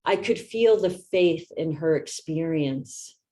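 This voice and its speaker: Gentle meditation teacher lady, 50s, reflective talk, low voice, really slow. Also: lively intonation. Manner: gentle, slow and soft-spoken.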